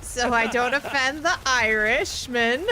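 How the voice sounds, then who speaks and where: A woman's voice: on the high side, takes it slowly. A woman streamer chatting casually with friends while playing a game, laughing often. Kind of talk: casual chat while gaming.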